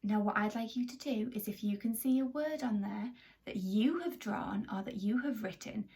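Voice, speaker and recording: A woman teaching a children's phonics lesson, animated and exaggerated, with gasps and whispered asides. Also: mid-range voice, normal speed, creaky, distant mic.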